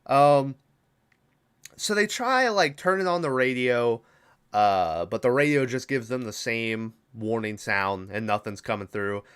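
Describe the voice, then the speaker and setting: A man's voice: mid-range voice, unhurried, a bit bright, clean tone. A man hosting a podcast, recapping a movie in a casual, rambling, profane way with lots of filler words. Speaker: podcast host.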